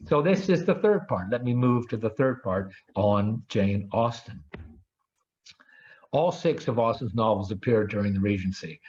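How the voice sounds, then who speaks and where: A man gives an academic lecture in a low voice, keen on his subject and often stumbling into fillers and restarts. The audio is dull and lo-fi, as from a video call. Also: a little mellow. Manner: enthusiastic, with frequent fillers and restarts.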